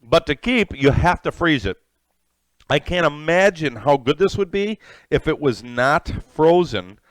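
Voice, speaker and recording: A man's voice: a little high, lively intonation, a little slow, dry recording. A middle-aged man hosting a live cooking stream from his home kitchen, eating as he talks and greeting viewers by name. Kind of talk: casual live-stream chat while eating.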